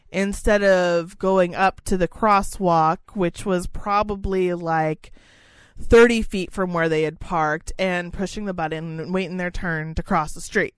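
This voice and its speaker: A woman co-hosting a podcast, telling a rant-style story with lots of swearing and excited outbursts, close to a studio mic. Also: mid-range voice, clean tone, no room sound. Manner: profane, animated, gets loud and excited. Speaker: podcast co-host. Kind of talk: casual storytelling chat.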